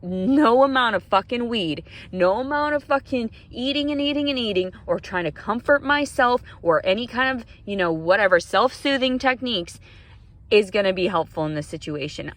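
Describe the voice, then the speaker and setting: A woman's voice: fairly low pitch, a bit bright. A woman vlogger in an emotional rant, agitated, fearful and swearing often.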